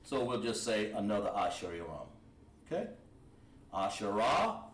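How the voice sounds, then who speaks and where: A man teaching a Hebrew class at a board, patient and encouraging, repeating words slowly. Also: lowish voice, very animated, very noisy. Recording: echoey room, voice from far off.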